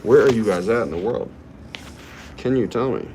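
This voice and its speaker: A young man chats through his livestream in a low voice, greeting viewers and joking around. Faint background noise sits under the talk. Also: animated, moderate pace, darkish tone, low-quality recording. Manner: playful, reads chat aloud, hypes himself up. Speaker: livestream host. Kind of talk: casual livestream chat. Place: current location he names while streaming.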